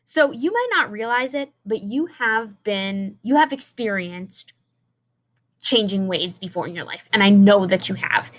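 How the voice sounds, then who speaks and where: A woman's voice: medium pitch, a bit bright. A young adult woman teacher giving a recorded science lesson, talking in a chatty way and explaining with restarts and fillers.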